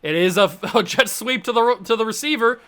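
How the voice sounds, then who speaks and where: A young man calling plays out loud as he plays a football video game, jumping from play-by-play to excited outbursts and chatter with himself. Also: high voice, fairly quick, smooth. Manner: excitable, self-talking, swings between play-by-play and outbursts. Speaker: gaming channel host.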